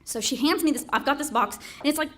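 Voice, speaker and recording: A woman's voice: high-pitched, fast, a bit bright, a little hiss or hum. A woman telling a funny story at a storytelling contest, laughing between lines and swearing freely. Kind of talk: live competitive storytelling.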